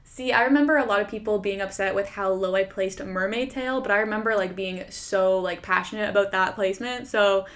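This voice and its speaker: Woman YouTuber, casual reaction commentary, self-deprecating and chatty, average pitch. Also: brisk, few pauses. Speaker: YouTuber reacting to her own old video.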